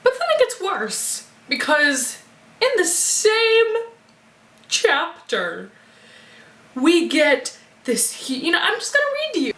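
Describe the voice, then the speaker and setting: A young woman giving a casual book review vlog, gushing and excitable like a fangirl. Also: very high-pitched, slow, reverberant. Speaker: book vlogger.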